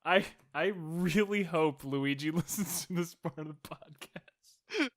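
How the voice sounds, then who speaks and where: A man's voice: fairly high pitch, measured pace. A man co-hosting a casual podcast, reacting with teasing remarks and easy laughter. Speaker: podcast co-host.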